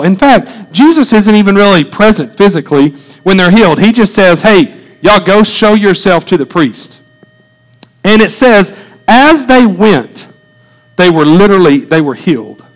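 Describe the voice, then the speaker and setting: A pastor with a drawl preaches in a folksy, animated way, his voice sitting high for a man. He keeps turning to the congregation with quick rhetorical asides and questions. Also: rough recording. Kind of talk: sermon.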